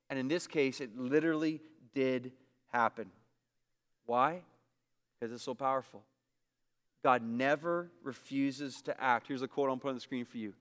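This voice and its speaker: A man preaching a sermon as pastor, emphatic and repetitive, swinging between loud bursts and hushed asides. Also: a little high, moderate pace, long reverb tail.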